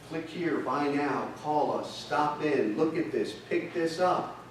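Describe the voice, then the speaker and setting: A man's voice: a little high, takes it slowly. Male seminar speaker quizzing the crowd, distant mic in a reverberant hotel room. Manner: fires rhetorical questions at the audience. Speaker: seminar presenter. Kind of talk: marketing seminar lecture. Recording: echoey hall, distant mic, audience present.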